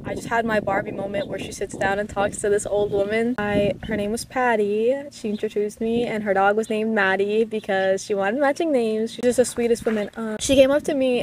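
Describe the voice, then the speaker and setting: A young woman in her late teens, talking casually and softly to the camera at a park, rambling with lots of "like"s and getting emotional. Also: medium pitch, steady tone, a little fast, few pauses, noisy background. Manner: soft-spoken, rambling, emotional, many "like"s. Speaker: vlogger. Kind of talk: casual chat. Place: outdoors at a park. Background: dogs barking at times.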